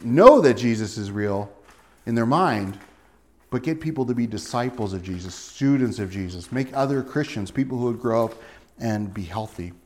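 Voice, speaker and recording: A middle-aged man preaching a sermon in a conversational, folksy way, with homey asides and rhetorical questions, and a hushed, earnest tone when praying. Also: mid-range voice, lively intonation, normal speed. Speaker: pastor.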